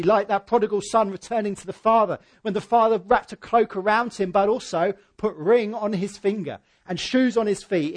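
High-voiced preacher, animated. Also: male voice. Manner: animated, swings from loud emphatic peaks to quiet asides. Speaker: pastor. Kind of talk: sermon.

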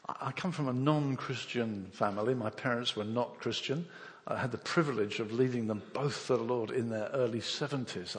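Gravelly older English preacher in a hall. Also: male voice, mid-range voice, a bit bright. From England. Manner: storytelling, acts out voices and inner thoughts. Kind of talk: sermon with personal testimony.

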